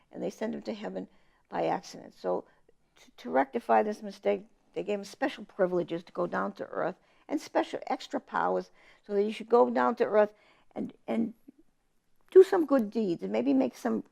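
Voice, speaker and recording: Gravelly-voiced woman. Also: mid-range voice. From Massachusetts. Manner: animated storyteller, quotes family in lively voices. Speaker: author guest. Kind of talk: casual interview chat.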